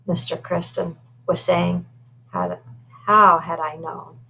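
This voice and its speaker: A woman's voice: on the low side, steady tone, a little slow, gravelly, fairly bright tone, slightly rough, rough recording. A woman reading a children's novel aloud in an informal way, stumbling now and then and adding asides about her own slips. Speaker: reader.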